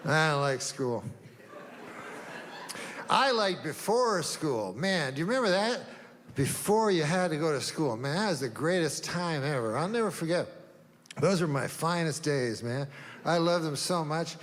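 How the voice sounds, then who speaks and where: A man doing a stand-up routine, deadpan and rambling, with long meandering setups and offhand asides. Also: fairly high pitch, a little slow, a little hiss or hum. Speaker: stand-up comedian. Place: comedy stage before a live audience. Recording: live room reverb, faint ambience.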